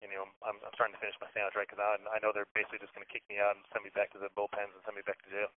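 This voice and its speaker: Fast-talking man on a tinny line. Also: lowish voice, monotone. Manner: rambling, swears a lot, acts out quotes. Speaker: guest telling a story. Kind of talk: casual storytelling. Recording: tinny phone-like audio.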